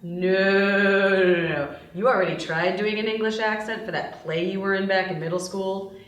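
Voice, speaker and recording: A woman playing a blunt, bossy young woman who talks in a frank, sharp way. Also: medium pitch, fairly even intonation, normal speed, lightly acted. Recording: roomy, distant, faint hiss.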